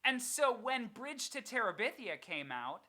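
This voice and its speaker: A young adult podcast co-host chatting casually and telling animated stories. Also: medium pitch, measured pace. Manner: animated storyteller. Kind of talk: casual chat.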